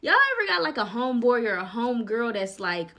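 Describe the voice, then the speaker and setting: A woman's voice: a little high, very animated, brisk, bright, forceful tone. A woman casually retelling a Bible story, chatty and slangy, full of "like" and "y'all".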